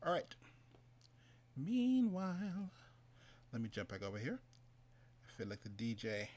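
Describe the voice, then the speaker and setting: A man's voice: mid-range voice, wildly swooping pitch, measured pace, darkish tone. A man hosting an online summit livestream, casual and joking while he chats with a guest. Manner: loose, joking, chatty. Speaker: summit host.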